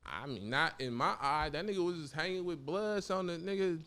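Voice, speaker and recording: Here the young Oakland rapper's voice sits on the high side and moves briskly. Talking casually as an interview guest, he spins animated, slang-heavy stories and voices other people's words.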